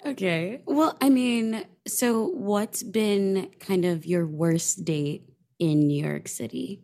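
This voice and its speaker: A woman's voice: medium pitch, takes it slowly, dark tone. A woman podcast host asking her guest questions in a light, curious, casual way. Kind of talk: casual interview chat.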